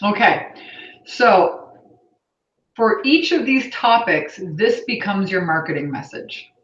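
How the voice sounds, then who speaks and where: Brash energetic woman coach, roomy sound. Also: medium pitch, takes it slowly. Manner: energetic, blunt, swears casually. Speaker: business coach hosting a live Q&A. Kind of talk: live webinar coaching. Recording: roomy, slightly dull sound.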